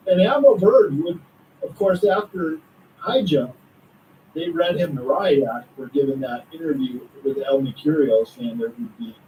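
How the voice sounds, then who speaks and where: An eager male storyteller who builds his account with asides like "get this." His voice is mellow and a little high. He sounds set back from the microphone, with a faint hiss under the talk. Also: expressive, normal speed, far from the mic, low-quality recording. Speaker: author and guest. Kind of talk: conspiracy talk interview.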